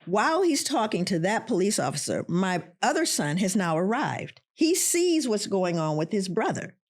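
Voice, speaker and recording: A middle-aged woman, a professor and podcast guest, telling a personal story in an animated way and acting out the voices of the people in it. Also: mid-range voice, moderate pace.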